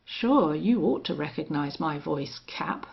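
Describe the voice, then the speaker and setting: A woman voicing a soft-spoken, cold male gunman with a gentle, measured delivery. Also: low voice, expressive, gravelly, full character voice. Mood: cold calm. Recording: dull lo-fi audio.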